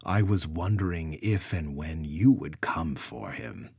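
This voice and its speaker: A man's voice: rumbling low, expressive, a little slow, gravelly, a little mellow, slightly rough, no echo, full character voice. A man voicing a blunt, hostile Bigfoot council elder who talks down to others. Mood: condescending. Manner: condescending, curt.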